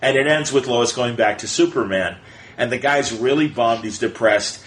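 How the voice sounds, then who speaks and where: A man co-hosting a casual podcast chat, talking quickly and with energy, and slipping into playful voices when he quotes people. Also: mid-range voice, low-quality recording. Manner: animated, fast retelling with playful quoted voices. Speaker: podcast co-host.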